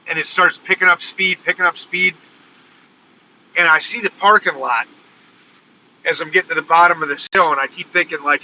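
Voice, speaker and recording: Male vlogger, animated storyteller, bright slightly high voice, dull phone audio. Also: fairly quick, slight background noise. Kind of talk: casual storytelling vlog. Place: in a car, then walking outdoors.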